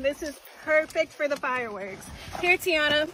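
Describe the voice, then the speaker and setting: A woman's voice: sits high, animated, normal speed, pauses often, heavy background noise. A woman doing comedic skits in a brassy, sassy manner, switching between characters. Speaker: comedy creator.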